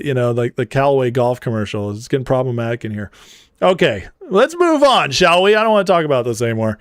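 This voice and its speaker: A man's voice: medium pitch, fairly bright tone, smooth, no echo, clean studio sound. A man hosting a casual livestream, reading viewer super chats aloud and often breaking into laughter. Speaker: livestream host.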